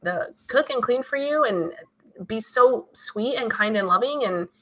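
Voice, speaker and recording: A woman hosting her channel, chatting casually and reading out viewer comments in a lively, talkative way. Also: a little high, a little slow. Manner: chatty, animated, many fillers. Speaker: channel host.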